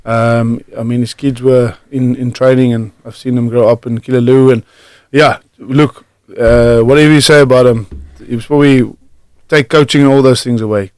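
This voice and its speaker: South African man telling stories haltingly. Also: mid-range voice, steady tone, darkish tone, no room sound. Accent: South African with an Irish tinge. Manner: halting, full of fillers and restarts. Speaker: guest, former rugby player. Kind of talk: relaxed storytelling in a radio interview. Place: radio studio. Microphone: studio microphone, close and dry.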